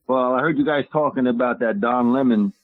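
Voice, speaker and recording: A man's voice: medium pitch, brisk, no room sound. Indignant male caller on a tinny phone line. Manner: emphatic, indignant, rambling. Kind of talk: call-in radio talk.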